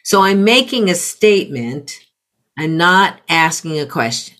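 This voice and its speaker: A middle-aged woman coaching parents in conversation, calmly explaining with example phrases. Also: on the low side, a little slow. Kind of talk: conversational teaching.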